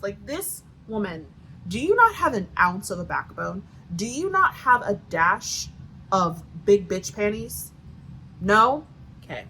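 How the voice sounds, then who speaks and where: A woman's voice: medium pitch, sing-song, measured pace, sharp tone, slight background noise, rough recording. A woman with a Southern US accent giving a sarcastic, profanity-filled book review rant with lots of "like" fillers. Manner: sarcastic, swears a lot, many "like" fillers.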